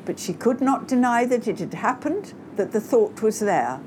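Woman narrating with lively expression. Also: on the high side, moderate pace, slight background noise. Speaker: audiobook narrator. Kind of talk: scripted narration.

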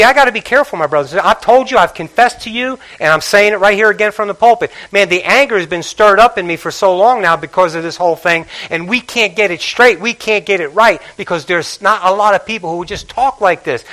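Bright, high-voiced preaching man. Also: poor audio. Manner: emphatic, repeats phrases, prods congregation for responses. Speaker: pastor. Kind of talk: sermon. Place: church, preaching from the pulpit.

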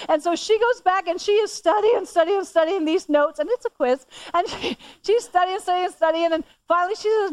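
Middle-aged lady preaching, high bright voice, gets animated and loud telling her story. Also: fairly quick, few pauses. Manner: animated, rising high when quoting herself scolding. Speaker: church speaker. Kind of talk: sermon storytelling.

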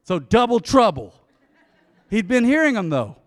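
Middle-aged male pastor, folksy sermon delivery with acted-out quotes, high voice, reverberant church hall. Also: very animated, moderate pace, long pauses. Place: church sanctuary.

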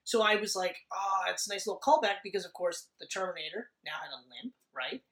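A man in casual chat about a movie, talking excitedly and swearing a lot. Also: high-pitched, a little fast, far from the mic, rough recording. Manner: excited, profane, swears often.

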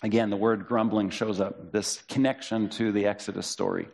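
A man preaching a sermon as pastor, in a conversational way, reading and paraphrasing scripture with lively quoted voices. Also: lowish voice, normal speed, gravelly.

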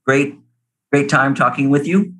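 A man hosting an interview, wrapping it up in a relaxed, friendly way. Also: mid-range voice, unhurried, low-quality recording. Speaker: interview host. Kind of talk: casual interview.

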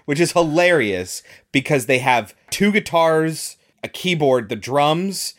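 A man's voice: a little high, animated, takes it slowly, fairly bright tone. A man co-hosting a casual podcast chat, wryly breaking down a film's flaws and often laughing. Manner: wry, explanatory, laughs often. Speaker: podcast co-host. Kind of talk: casual chat reviewing a film.

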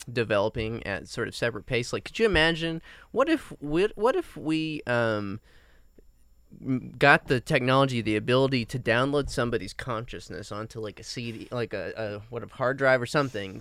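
A man's voice: mid-range voice, a bit bright, clear, resonant tone, no echo. A man hosting a casual group chat, rambling and playful, swearing freely.

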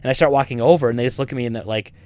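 A man co-hosting a podcast, ranting in a casual, animated and exasperated way about store customers. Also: medium pitch, rapid-fire, dry recording. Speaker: podcast co-host and store owner.

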